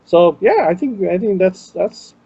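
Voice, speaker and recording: Chatty Indian-accented man, mellow voice. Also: high-pitched, animated, unhurried, vocal fry, slightly rough, highs cut off. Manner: chatty, fills with "you know". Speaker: podcast co-host. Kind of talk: casual chat.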